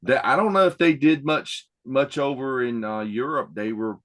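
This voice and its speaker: A man on a panel in casual chat, calmly adding background facts. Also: medium pitch, moderate pace. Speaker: panel member.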